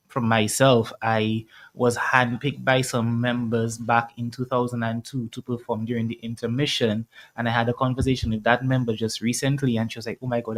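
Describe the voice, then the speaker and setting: A man, a longtime choir member speaking earnestly and proudly as a guest on a radio show. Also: medium pitch.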